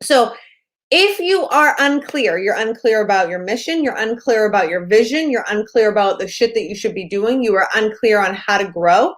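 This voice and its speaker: A woman's voice: medium pitch, animated, moderate pace. A woman business coach talking straight to her audience in a casual, blunt way, swearing often and repeating points for emphasis. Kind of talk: casual talk to camera.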